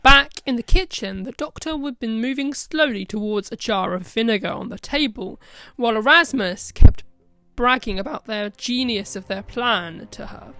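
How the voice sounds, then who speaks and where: A woman narrating a short fan story aloud in plain, steady narration. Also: fairly high pitch, normal speed, gravelly, few pauses, soft background music.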